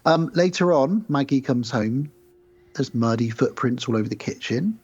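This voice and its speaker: A man's voice: medium pitch, animated, moderate pace, darkish tone, slightly rough, highs cut off. A man co-hosting a podcast, retelling film scenes and acting out the characters' lines in casual chat. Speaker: podcast co-host.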